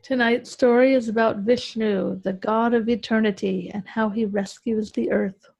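A woman's voice: on the high side, steady tone, normal speed, gravelly, darkish tone, poor audio. Wry, playful woman storyteller. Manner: wry, conversational, playful retelling. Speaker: storyteller and podcast host. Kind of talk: casual mythology storytelling.

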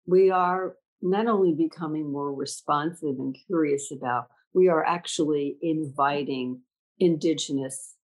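An older woman speaks in a low, husky voice. She leads a school and tells reflective stories in conversation. She acts out the dialogue of her anecdotes with animation. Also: low-quality recording. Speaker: school leader.

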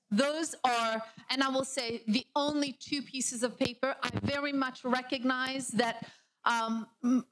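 A woman presenting as a ministry director at a convention, earnest and emphatic, with frequent pauses and fillers. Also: a little high, a bit bright, poor audio. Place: convention hall.

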